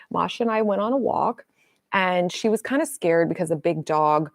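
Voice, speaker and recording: Middle-aged woman coach, livestream chat, blunt and swears, slightly low voice, dry close sound. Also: moderate pace, creaky, no echo. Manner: blunt, swears freely, animated storytelling. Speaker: manifestation coach. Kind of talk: casual livestream talk.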